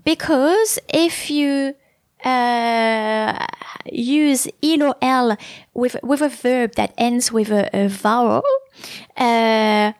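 A woman's voice: a little high, very slow, dry recording, clean studio sound. Woman hosting a podcast lesson. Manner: thoughtful, many fillers and restarts. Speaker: French language podcast host.

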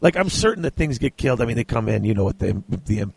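A man's voice: medium pitch, sing-song, quick pace, vocal fry, husky, no room sound. A man co-hosting a podcast, chatting casually about a novel and reading passages aloud, laughing often. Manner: laughs often, enthusiastic, reads excerpts aloud. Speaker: podcast co-host. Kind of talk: casual book discussion with read-aloud passages.

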